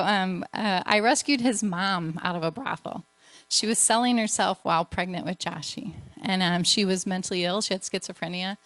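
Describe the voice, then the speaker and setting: A woman's voice: on the low side, a bit bright, no room sound. A woman missionary giving an earnest, emotional testimony to a church. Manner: earnest storytelling, emotional at times.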